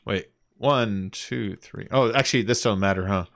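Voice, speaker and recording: A man's voice: fairly low pitch, normal speed, vocal fry, fairly bright tone, no echo. A young man streaming a game, chatting casually and rambling, with some swearing and counting aloud as he plays. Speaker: gaming streamer. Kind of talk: casual gameplay chat.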